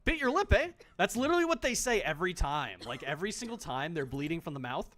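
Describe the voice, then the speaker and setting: Animated joking male game streamer. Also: fairly high pitch, fast. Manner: joking, swears freely, talks to game characters. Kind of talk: casual gameplay commentary.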